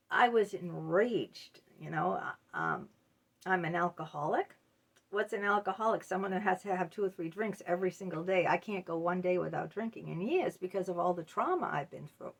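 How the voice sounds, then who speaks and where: A middle-aged woman speaks into her camera in a candid, confiding monologue. Her voice sits at an ordinary middle pitch. She often stalls on fillers and restarts as she works through what she wants to say. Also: gravelly. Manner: candid and confessional, halting with frequent fillers. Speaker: channel host. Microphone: talking to camera.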